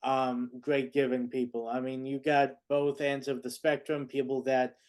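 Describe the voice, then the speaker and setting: A man who hosts a podcast, chatting casually and musing in a relaxed, halting way. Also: medium pitch, smooth. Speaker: podcast host.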